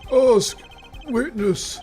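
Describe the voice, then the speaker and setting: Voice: medium pitch, very slow, a little mellow, faint music behind, voice pushed up. A streamer voicing a dying, wounded older man who gasps out broken words while reading a video game aloud. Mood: gasping, fading. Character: dying wounded older male manager, gasping.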